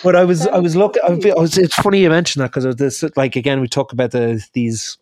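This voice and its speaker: A man's voice: fairly high pitch, flat delivery, quick pace, a little mellow, slight background noise. A man with an Irish accent, a chef guest in a casual conversation, who rambles and corrects himself as he tells stories. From Ireland. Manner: rambling, self-correcting storyteller.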